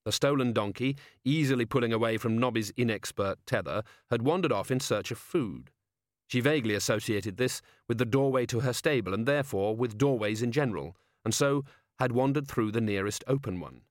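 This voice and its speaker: A man narrating an audiobook with a wry, measured reading. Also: medium pitch, dry recording, clean studio sound. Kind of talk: scripted narration.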